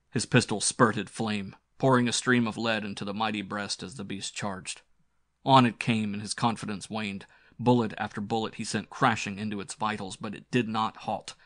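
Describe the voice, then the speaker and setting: Dramatic low-voiced male horror narrator. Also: a bit bright, dry recording, studio quality. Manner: dramatic, intense storytelling. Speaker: audiobook narrator.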